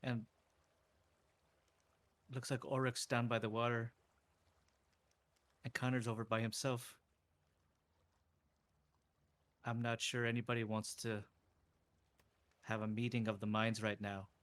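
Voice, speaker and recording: A man's voice: mid-range voice, level tone, measured pace, pauses often, a bit bright, close to an everyday voice. A man playing a plain-spoken male adventurer who keeps calling people laddie. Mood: wary.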